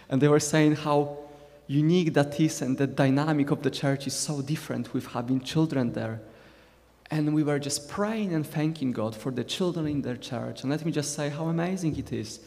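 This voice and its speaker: In a church hall with long reverb, a Scottish man in his twenties from Galashiels in the Borders preaches a chatty sermon, tossing joking asides to his congregation. His voice is a little high for a man, with a darkish tone and a moderate pace.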